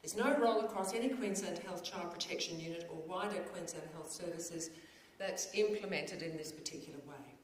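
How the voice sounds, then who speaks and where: A woman's voice: on the low side, brisk, a little hiss or hum. A woman hosting an awards ceremony, reading prepared remarks with a few fillers and ad-libs, on stage at an event venue. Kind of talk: formal presenting with ad-libs. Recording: echoey hall, faint ambience.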